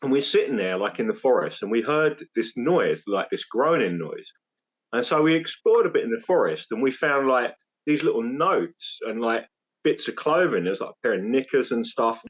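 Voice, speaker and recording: A young man telling an animated story from his school days as a podcast co-host chatting with his family. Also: mid-range voice, moderate pace. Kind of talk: casual storytelling chat. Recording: dull lo-fi sound.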